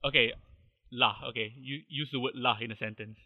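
A man's voice: medium pitch, steady tone, fairly quick, no echo. A man from Malaysia, a podcast guest chatting casually and explaining slang with lots of fillers. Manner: chatty, many "like" fillers, laughs easily. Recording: dull lo-fi podcast mic.

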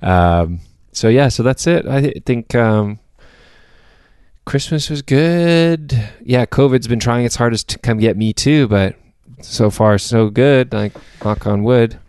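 A young man with a low voice rambles through a casual podcast chat, restarting his sentences and laughing often. The recording is dry and close to the mic. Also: unhurried, few pauses, a little mellow, clean tone, dry recording. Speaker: podcast co-host.

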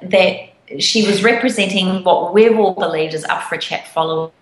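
A woman's voice: lowish voice, moderate pace. Enthusiastic woman, echoey room. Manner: enthusiastic, animated storytelling. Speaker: podcast co-host. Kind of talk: casual chat.

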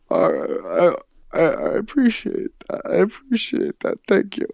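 Slow, melodramatic mock-sobbing podcast host. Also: medium pitch, wildly swooping pitch, vocal fry, a little mellow, no room sound. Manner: halting, stammering restarts. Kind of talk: improvised comedy role-play.

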